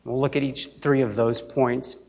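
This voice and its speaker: A man preaching a sermon as pastor, earnest and emphatic, slowing down deliberately on key phrases. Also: mid-range voice, little pitch movement, darkish tone, highs cut off.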